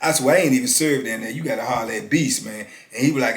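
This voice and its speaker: Man, 50s, laid-back storyteller, mid-range voice, roomy recording. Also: mid-range voice. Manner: laid-back, drawn-out, peppers talk with "man". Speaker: former prisoner telling his story. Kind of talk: casual storytelling. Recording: roomy echo.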